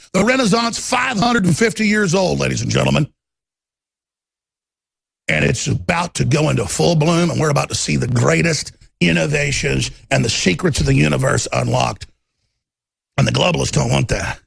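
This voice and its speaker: Gravelly, raspy man ranting fervently. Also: a little high, animated, normal speed, fairly bright tone, dry recording. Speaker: political commentator. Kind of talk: political rant.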